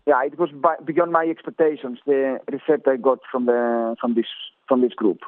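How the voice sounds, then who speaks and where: A man's voice: medium pitch, fairly even intonation, normal speed, slight background noise. Greek-accented man on a tinny line. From Greece. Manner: hesitant, many fillers and restarts. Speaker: cycling coach. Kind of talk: interview answers.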